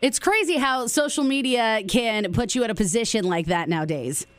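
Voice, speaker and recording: A woman hosts a radio interview, playful and teasing with her guest. Her voice sits a bit high and sounds dry and close. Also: lively intonation, moderate pace, dry recording. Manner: playful, teasing, laughs often. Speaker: radio host. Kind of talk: casual interview chat.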